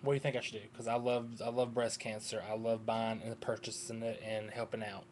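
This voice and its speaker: A man's voice: fairly low pitch, flat delivery, a little fast, a little mellow, slight background noise. Hyper, sleepy man rambling on webcam. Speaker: vlogger. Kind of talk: rambling casual webcam chat.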